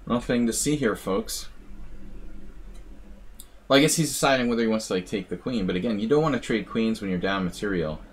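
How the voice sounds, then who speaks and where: A man streaming live, casually commentating chess games and chatting with viewers in a relaxed, musing way. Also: on the low side, fairly quick, long pauses, breathy edge. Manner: relaxed, musing, talks to chat.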